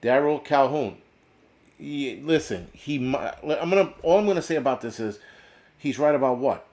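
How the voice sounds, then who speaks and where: A man's voice: medium pitch, darkish tone. A middle-aged American man hosting a prepper channel, ranting bluntly in a casual, profane livestream style with lots of restarts. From United States. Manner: blunt, swearing, repetitive restarts.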